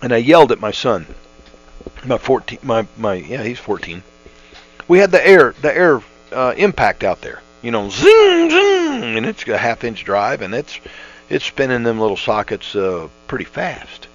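A middle-aged man teaching scripture over the radio in a folksy, earnest way, his pitch rising and falling freely as he restarts his sentences. The sound is dull and lo-fi, with a faint mains hum underneath. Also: expressive, moderate pace. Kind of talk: conversational radio Bible teaching.

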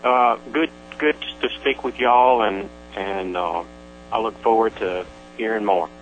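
An older male caller on a radio call-in show, speaking haltingly with many pauses and restarts. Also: fairly low pitch, dull audio, soft background music. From Tennessee.

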